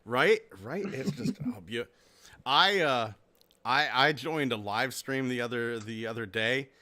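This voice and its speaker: A man's voice: medium pitch, measured pace, pushed and bright. A man hosting a casual podcast, laughing and swearing as he chats with guests. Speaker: podcast host. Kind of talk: casual chat.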